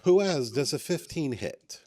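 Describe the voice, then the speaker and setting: Lively game master man. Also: a little high, takes it slowly. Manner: playful, describing scenes and calling for rolls. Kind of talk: narrating a tabletop game.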